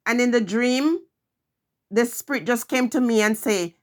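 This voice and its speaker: Middle-aged woman vlogging her story, earnest and emphatic, kinda high voice. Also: measured pace. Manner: earnest, emphatic, repeats phrases. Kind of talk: personal storytelling monologue.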